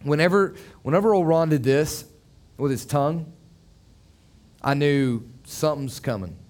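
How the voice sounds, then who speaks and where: A man's voice: fairly high pitch, a little slow, a little mellow. A man preaching a sermon in a conversational, joking way, with many fillers and restarts. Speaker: pastor.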